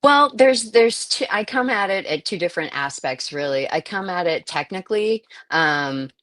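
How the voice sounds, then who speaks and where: Low-voiced woman voiceover actor. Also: expressive, moderate pace, a bit bright, dry recording. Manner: thoughtful, searching, many fillers and restarts. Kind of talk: interview conversation.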